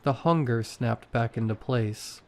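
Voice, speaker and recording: A man reading a horror story aloud in a slow, measured way. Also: mid-range voice, a little mellow. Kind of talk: scripted horror narration.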